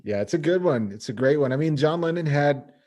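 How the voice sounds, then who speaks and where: A man's voice: fairly high pitch, expressive, fairly quick, a little mellow. A man who is a musician, chatting casually as an interview guest and laughing along easily.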